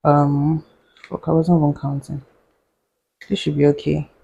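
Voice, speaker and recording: A woman's voice: sits low, level tone, unhurried, creaky, dark tone, slightly rough, lo-fi sound. A young woman, a doctor, telling a story in a sarcastic, chatty way while she cooks, laughing and muttering to herself. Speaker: doctor and vlogger. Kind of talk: casual storytime chat while cooking.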